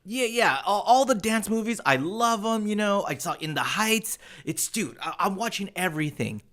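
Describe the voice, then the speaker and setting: A man's voice: sits high, expressive, moderate pace, fairly bright tone. A man co-hosting a podcast in casual chat, ranting with profane, mocking humor. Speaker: podcast co-host.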